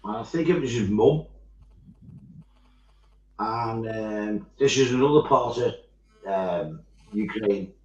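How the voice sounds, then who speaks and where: A man chatting casually while he paints miniatures, telling animated stories and swearing freely. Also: on the low side, slow, long pauses, a little hiss or hum. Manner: animated storytelling, swears freely, acts out quoted voices. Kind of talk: casual chat. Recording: echoey, dull-sounding room.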